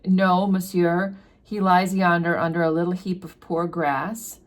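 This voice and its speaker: A woman's voice: lowish voice, level tone, a little slow, close to an everyday voice. A woman voicing a grieving poor peasant widow who begs earnestly for help, read aloud from a classic novel. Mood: pleading. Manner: earnest, pleading.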